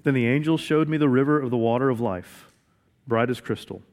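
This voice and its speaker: A man's voice: mid-range voice, a little fast, a little mellow. A man preaching a sermon in an earnest way, often repeating key phrases for emphasis. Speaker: pastor.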